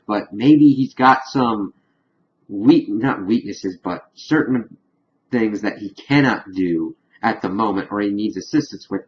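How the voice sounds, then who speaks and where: A man's voice: fairly low pitch, lo-fi sound, slight background noise. A man casually recapping a TV episode as a reviewer, rambling along with lots of "of course" and "kind of".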